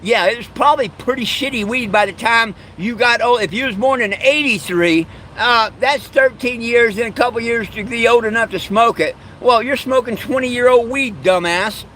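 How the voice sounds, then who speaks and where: A man's voice: extremely high pitch, normal speed, hardly any pauses, pushed and bright, slight background noise. A middle-aged man hosting a live stream, reading chat comments aloud and trading insults with trolls. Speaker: livestream host.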